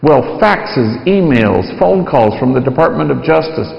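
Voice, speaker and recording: A man speaking as a priest, telling a story to an audience with lively acted-out quotes. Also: mid-range voice, measured pace, gravelly. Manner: animated storytelling, acting out quoted voices. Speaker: priest giving a talk. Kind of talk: storytelling lecture. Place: large lecture hall. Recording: echoey hall, dull lo-fi sound.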